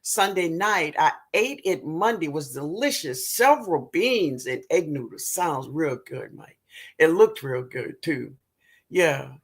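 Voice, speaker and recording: A woman's voice: low-pitched, expressive, a little slow, breathy edge. A woman hosting a live stream in a casual, chatty way, greeting viewers by name and laughing often.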